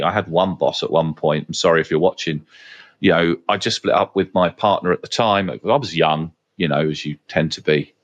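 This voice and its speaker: Deep-voiced man, frank casual talk. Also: highs cut off. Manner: frank, swears casually, frequent fillers. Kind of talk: casual conversational anecdotes.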